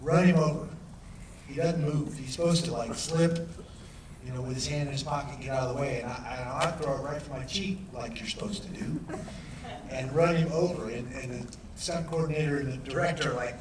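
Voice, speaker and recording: A man's voice: medium pitch, brisk. A man and former fighter telling stories at a premiere Q&A, easygoing and laughing. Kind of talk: casual storytelling in a Q&A. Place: large cinema hall with audience. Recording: echoey hall recorded from far off, noisy.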